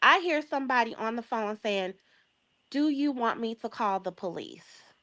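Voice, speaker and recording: Animated woman telling a story. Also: a little high, normal speed. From Chicago area. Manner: lively, acts out quoted voices, laughs often. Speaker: guest. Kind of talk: animated storytelling in a casual chat.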